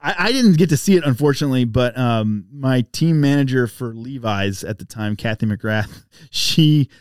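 Speaking at normal speed in a clean, mid-range voice, a Texan man who rides bikes tells a casual anecdote as a podcast guest, animatedly doing the other people's voices. The studio sound is clean, with no room sound.

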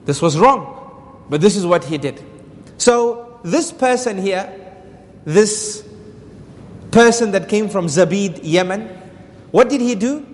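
Male Islamic lecturer, higher voice, storytelling lesson, repeats points for emphasis. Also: expressive, takes it slowly, pauses often, long reverb tail. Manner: repeats phrases, asks rhetorical questions.

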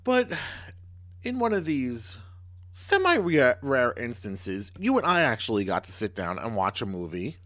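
A man's voice: medium pitch, huge pitch swings, unhurried, fairly bright tone. A man co-hosting a podcast in casual chat, joking and laughing often. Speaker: podcast co-host.

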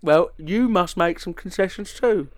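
A young man co-hosting a comedy podcast, chatting in an animated, playful, mock-pompous way. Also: sits high, a little slow. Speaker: podcast co-host. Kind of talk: casual comedy chat.

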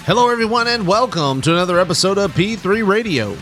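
A man's voice: high voice, sing-song, quick pace, fairly bright tone, soft background music. A man hosting a podcast in casual, joking chat, laughing often. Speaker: podcast host.

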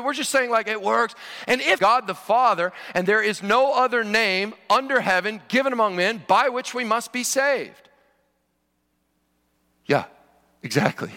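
Male pastor, conversational preaching, joking asides, higher voice, long church reverb. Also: normal speed, sharp tone. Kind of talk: sermon. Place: church sanctuary. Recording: long reverb of a large hall.

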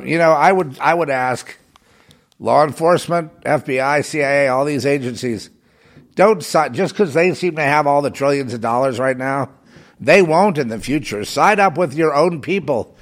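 A man delivering a heated, rambling monologue as a self-styled prophetic broadcaster, swinging between loud outbursts and muttered asides. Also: medium pitch. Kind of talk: agitated monologue.

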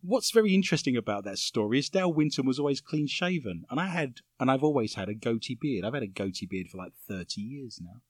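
A man's voice: medium pitch, expressive, fast, few pauses, no echo. A man hosting a comedy podcast, reading odd news stories with dry jokey asides. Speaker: podcast host.

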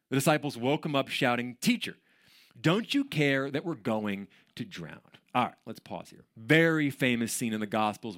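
A male pastor preaching with a lively, sing-song delivery, his pitch rising and falling freely. He talks in a conversational way, cracks jokes and tells animated stories to the room. His voice sits at an ordinary middle pitch for a man. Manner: conversational and joking, with animated storytelling. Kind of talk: sermon.

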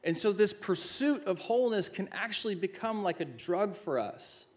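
Animated man telling stories with humor. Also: sits high, moderate pace. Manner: animated storyteller, acts out dialogue, self-mocking humor. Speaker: former football player giving a talk. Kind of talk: inspirational talk with personal stories.

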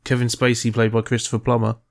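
A man's voice: mid-range voice, monotone, quick pace. A man co-hosting a casual podcast, dry and sardonic, reeling off film and music trivia.

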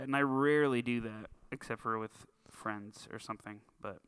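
A man's voice: mid-range voice, moderate pace, smooth. A man co-hosting a podcast, telling stories in casual chat and jumping into voices as he goes. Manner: animated storyteller, jumps into voices. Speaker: podcast co-host.

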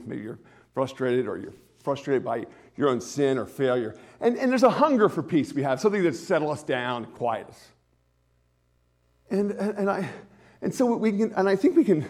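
A male pastor preaching a sermon in an animated way, dropping to hushed tones and then rising to emphatic ones. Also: fairly high pitch, slightly rough.

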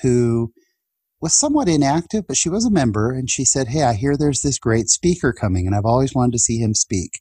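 A man's voice: mid-range voice, sing-song, fairly quick, mellow, breathy edge, no room sound. A man in his forties telling personal stories in a casual podcast chat, earnest and emotional, laughing now and then. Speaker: guest.

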